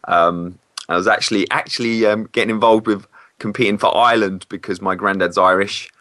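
A man's voice: fairly low pitch, fairly even intonation, fairly quick, bright, forceful tone, dry recording, studio quality. A man, a former PE teacher, talks candidly and hesitantly in a casual interview. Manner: candid, hesitant, self-correcting.

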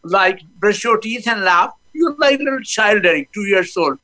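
A man's voice: sits high, lively intonation, moderate pace, heavy background noise. A man, a laughter yoga guest who talks with energy and breaks into laughing chants over a phone video call.

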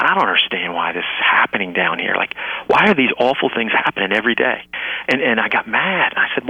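A middle-aged man with a low, gravelly voice speaks as an interview guest. His tone is very bright and forward, and the sound is close and dry. He talks earnestly, stumbling over repeated words and rising to emphatic peaks. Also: no room sound, rough recording. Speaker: guest, educator and author. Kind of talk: heartfelt podcast interview.

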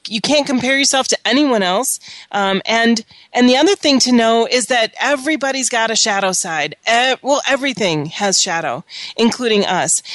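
A woman's voice: on the high side, a bit bright, no echo. Earnest woman radio host, dry studio sound. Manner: earnest, many "you know" fillers. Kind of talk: reflective talk radio chat.

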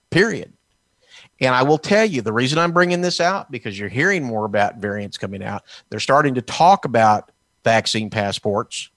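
A man's voice: medium pitch, a bit bright, dry recording. Combative, sarcastic man from Texas. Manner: combative and sarcastic, mocking officials in put-on quotes. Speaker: political commentator. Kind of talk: heated political talk.

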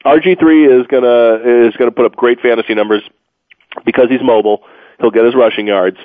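A man's voice: mid-range voice, fairly even intonation, fairly quick, dry recording. Guy hosting sports radio, rambly and jokey, tired, dry tinny phone-line sound. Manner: rambling, joking, with many fillers. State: tired from moving. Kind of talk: casual sports talk radio.

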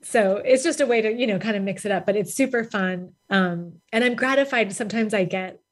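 A woman's voice: medium pitch, brisk. A woman author as a guest in a casual interview, telling chatty anecdotes.

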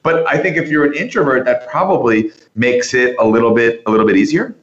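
A man who is a podcast guest, telling a long story with lots of restarts and animated turns. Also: medium pitch, brisk, roomy sound, dull audio. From New York area. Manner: animated anecdote-teller with frequent restarts. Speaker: interview guest.

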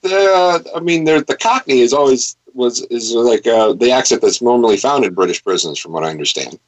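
An American man hosting a casual chat, joking and interjecting with halting restarts. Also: mid-range voice, lively intonation, muffled recording. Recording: dry close sound.

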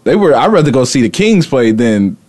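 A man's voice: medium pitch, sing-song, brisk, a little mellow. A man co-hosting a casual sports talk show, easygoing, laughing often.

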